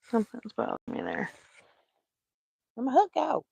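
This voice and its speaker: A woman's voice: fairly high pitch, wildly swooping pitch, moderate pace, creaky, dark tone, breathy edge, no room sound. A woman, hosting a casual crochet livestream, talking to herself and muttering in exasperation as she works. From Texas. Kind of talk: casual live-stream chat while crocheting.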